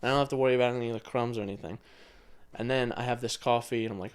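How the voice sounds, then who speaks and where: Twenty-something guy rambling on a podcast, cussing casually, normal pitch. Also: fairly even intonation, very fast, clear, resonant tone. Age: 20s. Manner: rambling storyteller, casual swearing. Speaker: podcast co-host. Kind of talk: casual chat.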